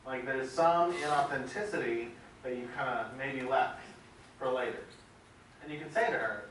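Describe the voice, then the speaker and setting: A man's voice: medium pitch, normal speed, fairly bright tone. Earnest male seminar coach, recorded from across an echoey room. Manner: earnest, asks questions and calls on people. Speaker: seminar leader. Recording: echoey room from far off with noise.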